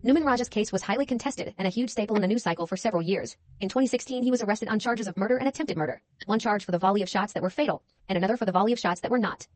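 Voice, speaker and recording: A woman narrates a true-crime case from a script. She keeps her remarks dry and wry. Her delivery is very fast and her pitch sits in the middle. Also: no echo.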